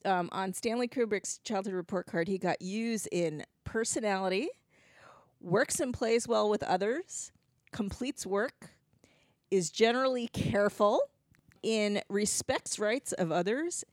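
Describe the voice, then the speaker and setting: A woman hosting a casual podcast, chatting and telling stories in a lively way. She is from New Jersey. Her voice sits in a middle range and is recorded close and dry, with no room around it. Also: mid-range voice, unhurried, no echo. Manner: chatty, storytelling, laughs easily. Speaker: podcast host.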